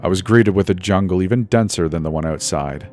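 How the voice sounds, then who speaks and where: A man narrating a scripted first-person horror story in a tense, steady way. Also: low voice, a little fast, faint music behind.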